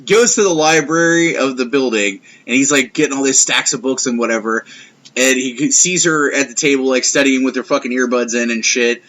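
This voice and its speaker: A man's voice: mid-range voice, fairly quick, a bit bright. A man co-hosting a podcast, casually trashing a movie in a profane, rambling, sarcastic way. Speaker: podcast co-host. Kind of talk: casual movie review chat.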